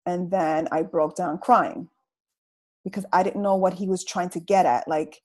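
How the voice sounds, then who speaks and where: A middle-aged woman telling her story on a video call, in a comical, slangy, animated way. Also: on the low side, measured pace, low-quality recording. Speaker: guest speaker sharing her story. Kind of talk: casual motivational talk on a video call.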